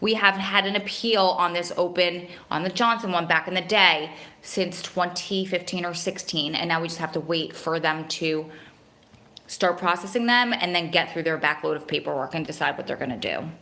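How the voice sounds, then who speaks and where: A woman's voice: fairly low pitch, moderate pace, pushed and bright. A woman hosting a live stream for prison wives. She vents with feeling and rambles, corrects herself, and reads viewer comments aloud. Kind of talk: emotional live-stream venting and chat.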